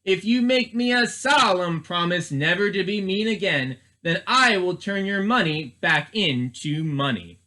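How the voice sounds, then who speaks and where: A man's voice: high-pitched, lively intonation, a little slow, few pauses, sharp tone, exaggerated voice. A man voicing a stern, long-winded old male wizard in a children's storybook reading. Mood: stern, wordy.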